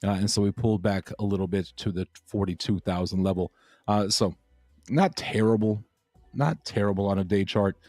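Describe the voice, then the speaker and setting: A man's voice: fairly low pitch, normal speed, a little mellow, no room sound, studio quality, soft background music. A man hosting a crypto livestream, chatting casually and rambling with lots of fillers and repeated phrases.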